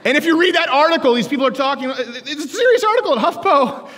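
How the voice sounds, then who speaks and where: A man in his thirties giving a joking, sarcastic campus speech to students, shouting his punchlines. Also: very high-pitched, lively intonation, quick pace, noisy background. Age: 30s. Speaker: political commentator speaking to students. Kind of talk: stand-up style campus speech. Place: large lecture hall with a live audience. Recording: echoey hall, live crowd.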